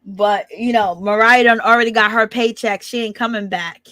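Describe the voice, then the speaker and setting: Sassy lady spilling reality tv tea, higherish voice, dry close sound, laughs a lot. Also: normal speed, no room sound. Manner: animated, sassy, laughing often, acts out quotes. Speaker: reality TV recap host. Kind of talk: casual gossip commentary.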